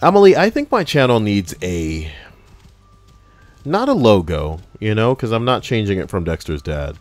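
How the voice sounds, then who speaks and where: A man's voice: on the low side, sing-song, normal speed, no echo, soft background music. A man hosting a podcast in casual chat, full of crude, teasing banter. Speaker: podcast host.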